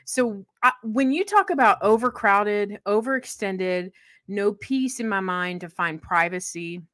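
A young adult woman warmly telling a personal story in casual conversation, laughing often mid-sentence. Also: mid-range voice, expressive, unhurried, no echo, studio quality.

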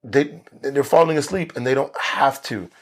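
A man's voice: medium pitch, normal speed. A man pastor teaching a Bible study for video, earnest and emphatic, repeating key phrases for stress.

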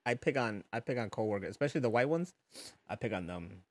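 A man in casual chat who laughs often and tells animated, profane stories. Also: lowish voice, fast.

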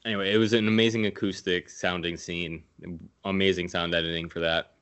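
A man's voice: low-pitched, flat delivery, fairly quick, fairly bright tone. A man casually recapping a movie scene by scene, swearing freely and laughing at his own jokes. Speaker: podcast host recapping a film.

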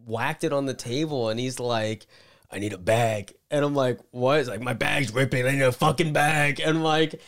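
A young man co-hosting a podcast, telling a story in casual chat, animated and swearing, acting out the people he quotes. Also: medium pitch, normal speed. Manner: animated, acts out quotes loudly, swears a lot. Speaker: podcast co-host.

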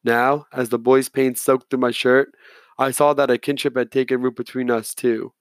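A man narrating an audiobook in the first person, reading in a measured, steady way. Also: medium pitch, dry recording.

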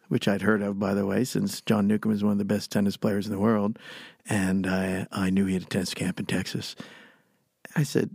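A man's voice: on the low side, flat delivery, brisk, creaky, darkish tone, breathy edge, no echo, studio quality. An older man from Pennsylvania telling rambling, chuckling stories in casual conversation as an interview guest. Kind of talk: casual storytelling.

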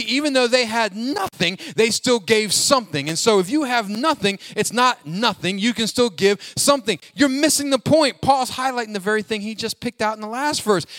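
Male pastor, high-pitched, lively sermon delivery with jokes and congregation call-outs. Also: no room sound. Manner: call-and-response preaching, asks congregation to fill in words; animated, jokes and laughs, sings snatches.

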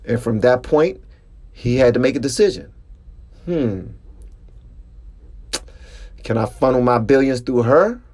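Male podcast host, mid-pitch, casual storyteller, pitch spikes on emphasis. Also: measured pace, long pauses. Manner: animated storytelling with sudden rises in pitch. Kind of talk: casual monologue.

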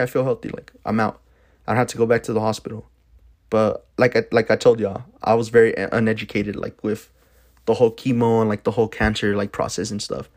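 A young man from the Denver area telling his own story in a loose, casual way, full of "like" and swearing. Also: fairly low pitch. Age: young adult. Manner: rambling, fills with "like", swears freely. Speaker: podcast host.

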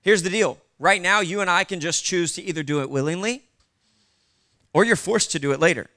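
Bright, clear-voiced preacher man. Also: high-pitched, brisk. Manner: casual, conversational preaching with asides. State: short on sleep. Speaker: pastor. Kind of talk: sermon.

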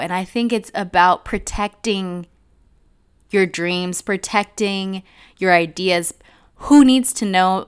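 A woman's voice: mid-range voice, a bit bright, clean tone. A young woman hosting her own podcast, talking earnestly and from the heart, speaking straight to her listeners as a life coach. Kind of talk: personal podcast monologue.

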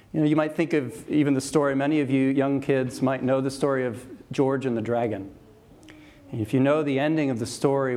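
A man's voice: a little high, darkish tone. A man preaching a sermon, earnest and emphatic, building his points through repeated phrases. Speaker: pastor.

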